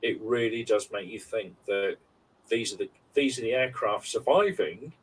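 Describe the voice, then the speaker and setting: This UK podcast co-host, a man in his forties, has a fairly low voice and talks at a normal pace. In casual conversation he rambles through heartfelt stories, using lots of fillers, picked up by a somewhat distant mic with a little background noise.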